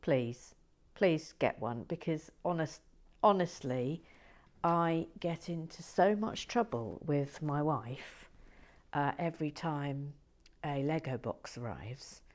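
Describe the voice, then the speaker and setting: A woman hosting a relaxed building video, rambling and self-mocking, often dropping to a whisper as she works. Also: low voice, slow. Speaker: host of a building channel.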